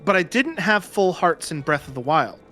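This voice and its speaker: Bright-voiced, chatty man streamer. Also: on the high side, very animated, moderate pace, soft background music. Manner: chatty, laughs a lot, puts on silly voices. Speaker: streamer playing the game. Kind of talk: casual gaming chat.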